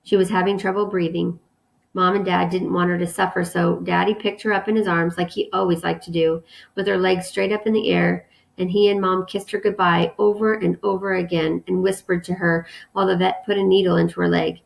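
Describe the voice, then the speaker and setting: A woman teacher reading a novel aloud to her students, calm and steady. Her voice is low and strongly gravelly. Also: a little fast.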